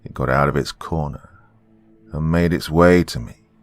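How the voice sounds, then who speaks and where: Deep gravelly man narrating horror. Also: moderate pace. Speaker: horror podcast host and narrator. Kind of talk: first-person horror story narration.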